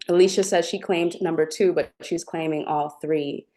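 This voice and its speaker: Woman, spiritual stream host, heartfelt and tender delivery, lower pitch, warm timbre. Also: steady tone, moderate pace. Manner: gentle, affectionate, heartfelt. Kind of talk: live-streamed spiritual talk with chat.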